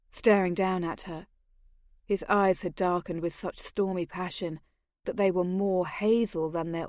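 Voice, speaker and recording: A woman's voice: mid-range voice, a little mellow, dry recording, studio quality. Woman narrating a romance audiobook. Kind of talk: scripted narration.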